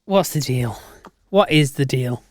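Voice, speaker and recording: A man's voice: medium pitch, lively intonation, unhurried, dry recording. A man co-hosting a podcast in casual chat, easygoing and dry. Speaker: podcast co-host.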